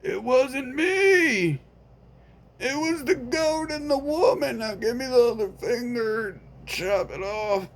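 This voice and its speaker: A man voicing a callous torturer who shrugs off blame in a slow, offhand, raised voice. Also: extremely high pitch, animated, a little hiss or hum, pitched above the performer's own voice, exaggerated voice. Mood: dismissive.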